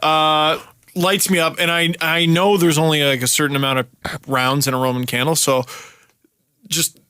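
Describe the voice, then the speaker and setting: A podcast host in his thirties from Canada, telling a story with lots of energy and swearing. His voice is bright and fairly high for a man, and it sits in a dry room with no echo. He shouts when he acts out the lines he quotes. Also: little pitch movement, normal speed, clean tone. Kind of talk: casual storytelling chat.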